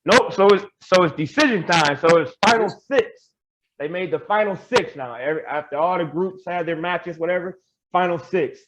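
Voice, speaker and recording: A young man talks through his story as a podcast guest, loose and animated, slipping into little quoted voices and laughing as he goes. His voice sits a touch high. A faint hiss of noise runs under the recording. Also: normal speed, poor audio. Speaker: podcast guest, pro wrestler. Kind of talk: casual storytelling interview.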